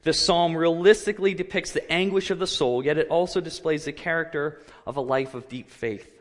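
A man preaching a sermon, earnest and measured, his voice rising when he quotes cries of anguish. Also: a little high, long reverb tail. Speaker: pastor.

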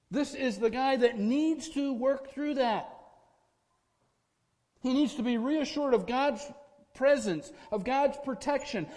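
A man's voice: very high-pitched, a little mellow, long reverb tail. A man preaching a sermon as pastor, earnest and emphatic, building his points through repeated parallel phrases.

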